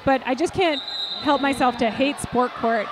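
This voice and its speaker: A woman's voice: sits high, normal speed, noisy background. A woman commentating a live roller derby bout, chatty and jokey, often laughing at her own puns.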